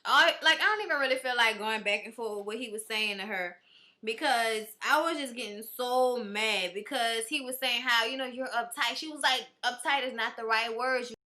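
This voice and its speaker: High bright-voiced woman, blunt and profane. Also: moderate pace. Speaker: reality TV recap host. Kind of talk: casual reality show recap.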